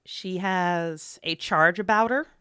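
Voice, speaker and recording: A woman's voice: on the low side, takes it slowly, fairly bright tone, clean tone, dry recording, studio quality. Thoughtful woman player in a tabletop game. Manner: thoughtful, explains at length with fillers. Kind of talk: tabletop role-play.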